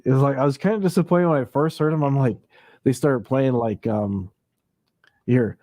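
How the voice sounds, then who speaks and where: Mellow-voiced man chatting casually late at night. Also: mid-range voice, normal speed, no room sound, studio quality. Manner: rambling, laughs easily, mimics sounds. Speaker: livestream host. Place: home livestream setup.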